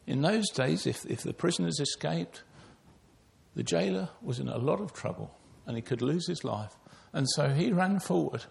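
Gravelly older preacher. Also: male voice, a little high, animated, moderate pace, darkish tone. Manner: earnest, storytelling preacher, addressing children. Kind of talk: sermon.

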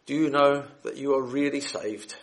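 A man's voice: mid-range voice, steady tone, moderate pace. A man preaching the gospel in a hall, reading scripture aloud and then appealing earnestly and directly to his listeners. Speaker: lay preacher.

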